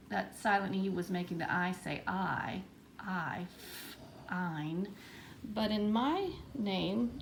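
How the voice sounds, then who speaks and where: A woman teacher giving a writing lesson to young children, reading example words slowly and with exaggerated emphasis. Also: mid-range voice, vocal fry, slight background noise. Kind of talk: early-grade writing lesson.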